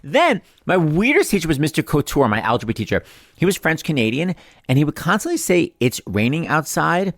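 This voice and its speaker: Lively, jokey male podcast host. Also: on the high side, a little fast, no echo, studio quality. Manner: animated, jokey storytelling. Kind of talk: casual chat.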